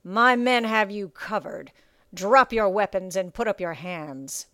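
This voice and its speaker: A woman's voice: fairly high pitch, clean tone, no echo, clean studio sound, voice pushed up, lightly acted. A woman doing a coarse, mocking pirate captain. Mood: mocking menace. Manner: mocking, slow and menacing.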